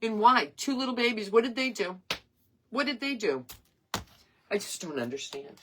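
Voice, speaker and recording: A woman's voice: fairly high pitch, expressive, moderate pace, a bit bright, slight background noise. A woman in her sixties hosting her craft page live, chatting in a rambling, earnest and emotional way. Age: 60s. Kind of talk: casual live-stream chat.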